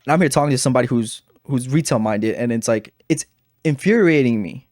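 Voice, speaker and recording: A young man in a casual storytelling monologue, animated and exasperated as he talks. His voice sits at an ordinary middle pitch. The sound is dry and close, with little room. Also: brisk, dry recording. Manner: animated and exasperated, heavy on filler phrases. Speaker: investing video creator.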